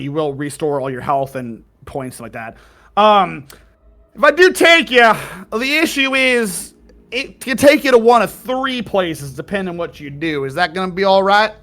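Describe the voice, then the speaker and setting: A man's voice: high voice, pushed and bright. A man doing a tipsy, chatty skeleton guide. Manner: folksy drawl with chuckles, rambling. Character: jovial, tipsy undead skeleton guide, male. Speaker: game master.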